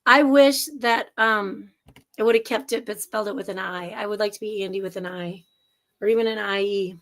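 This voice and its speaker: A woman's voice: mid-range voice, a little fast, fairly bright tone. A woman co-hosting a casual livestream chat from home over a video call, telling stories in a chatty, laughing way. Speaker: co-host and middle school teacher. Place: at home with a house full of people. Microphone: video call setup.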